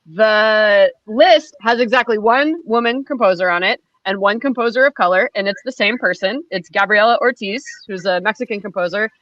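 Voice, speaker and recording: Bright, chatty woman percussionist. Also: medium pitch, moderate pace, few pauses, dry recording. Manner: chatty and lively, many fillers. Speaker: guest percussionist. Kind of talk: casual conversation. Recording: slightly dull lo-fi sound.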